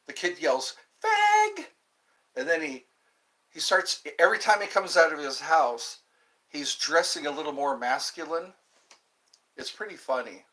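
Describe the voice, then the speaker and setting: A man's voice: on the high side, fairly bright tone. A man hosting a casual livestream, meandering between topics and reading viewer comments aloud before answering them. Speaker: livestream host reading chat. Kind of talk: casual rambling chat.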